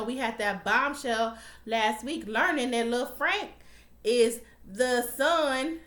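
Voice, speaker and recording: A young woman rants through a TV episode recap, fired up and addressing viewers as y'all. Her voice sits a little high and comes across bright and forceful. The room around her gives it a noticeable echo. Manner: animated, swearing, talks to viewers as y'all. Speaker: TV recap vlogger. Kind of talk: emotional casual recap. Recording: echoey room.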